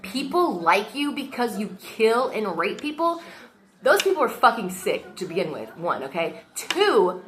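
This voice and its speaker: A woman's voice: mid-range voice, sing-song, measured pace, fairly bright tone. A woman venting heatedly into her phone camera, swearing often as she talks. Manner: heated and emotional, frequent swearing. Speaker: vlogger. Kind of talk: casual rant to camera.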